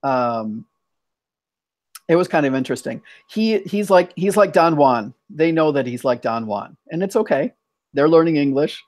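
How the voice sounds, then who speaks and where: A man's voice: a little high, expressive, moderate pace, darkish tone, dry recording. An American man hosting a casual online chat, thoughtful, often restarting his sentences. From United States. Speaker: host.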